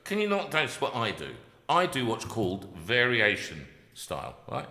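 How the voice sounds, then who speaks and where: Bright, lively man joking on stage. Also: mid-range voice, normal speed. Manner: teasing, jokey, self-mocking. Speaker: singer and show host. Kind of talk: live concert banter. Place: concert room. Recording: echoey hall with piano.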